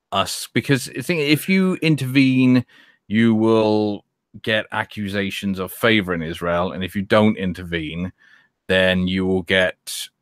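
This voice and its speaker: Brief: man, low-pitched, sardonic host banter, close dry mic. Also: fairly bright tone, no room sound. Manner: sardonic, teasing, swears freely. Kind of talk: casual podcast banter.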